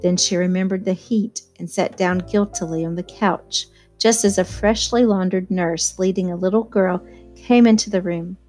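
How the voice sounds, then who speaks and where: A woman reading a novel aloud in first-person narration, measured and even. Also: fairly low pitch, soft background music. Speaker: audiobook reader.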